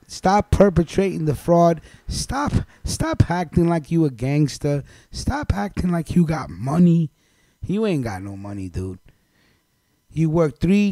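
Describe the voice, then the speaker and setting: A man's voice: fairly high pitch, dark tone, no echo. Blunt, profane man ranting on a live show. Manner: blunt, profane, scolding, addresses someone directly. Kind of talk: ranting monologue on a live stream.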